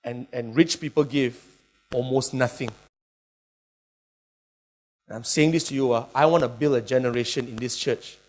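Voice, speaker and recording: A man's voice: mid-range voice, steady tone, moderate pace, pauses often. A middle-aged male pastor preaches animatedly, with emphatic bursts and playful asides. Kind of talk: sermon.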